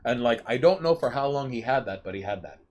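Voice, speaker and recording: A man's voice: mid-range voice, expressive, fast talker. A man co-hosting a casual chat show. He rambles and stumbles over his words. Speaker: podcast co-host.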